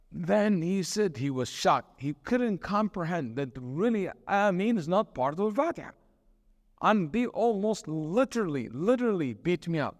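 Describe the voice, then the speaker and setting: A man serving as imam, giving a sermon and telling stories in an animated way, with Arabic terms and quotes mixed into his talk. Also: high voice, moderate pace, clean studio sound. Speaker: imam and teacher. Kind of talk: sermon lecture with storytelling. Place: mosque hall. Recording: long hall reverb.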